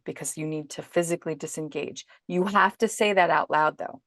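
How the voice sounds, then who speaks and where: A woman parenting coach in a podcast interview, explaining calmly and acting out her own inner self-talk as examples. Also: low-pitched, a little fast, no echo, clean studio sound.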